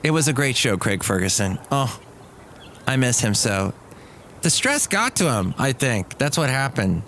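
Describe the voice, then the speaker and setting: A man's voice: mid-range voice, sing-song, measured pace, a bit bright, slight background noise. A man hosting his own daily podcast, rambling and joking through his complaints. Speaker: podcast host. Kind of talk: casual solo podcast monologue.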